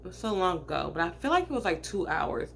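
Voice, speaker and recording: A woman's voice: on the low side, very animated, fast talker, gravelly, slight background noise. A woman in her late twenties from Michigan, telling a personal story to her viewers in a chatty, filler-heavy way. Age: late 20s. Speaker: vlogger. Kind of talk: storytime vlog.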